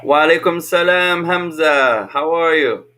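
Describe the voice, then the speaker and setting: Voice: mid-range voice, measured pace, bright, forceful tone. A teacher leading an online language lesson for children, patiently repeating each question over a video call.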